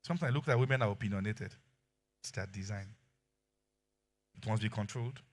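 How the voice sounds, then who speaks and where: A middle-aged man with a Nigerian accent preaching a sermon as pastor, telling animated stories and acting out quotes. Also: fairly low pitch, a little fast. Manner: animated storytelling with acted quotes and laughter.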